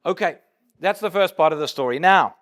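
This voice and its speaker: Leading a live Talmud class, a rabbi with a high, slightly bright voice walks listeners through the story point by point and acts out each quoted line. His intonation is lively and his pace a little fast, and he often repeats small words as a sentence gets going.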